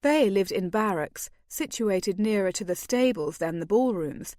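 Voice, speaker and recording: A woman narrating a fantasy novel in the first person, in an even storytelling manner. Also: medium pitch, normal speed, few pauses, no echo, clean studio sound. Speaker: audiobook narrator.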